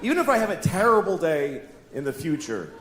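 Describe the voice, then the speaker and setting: A man's voice: on the high side, fairly quick. A middle-aged man doing a stand-up comedy set with a blunt, crude, self-deprecating delivery. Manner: animated, acts out scenes with put-on voices. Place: large theater stage with live audience. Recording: echoey hall, audience noise.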